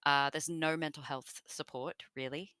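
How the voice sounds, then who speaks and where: Chatty Australian woman, bright clear voice. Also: deep voice, fairly even intonation, moderate pace, dry recording. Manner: chatty, laughs often, many fillers and restarts. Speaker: interview guest, voice actor. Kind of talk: casual interview chat.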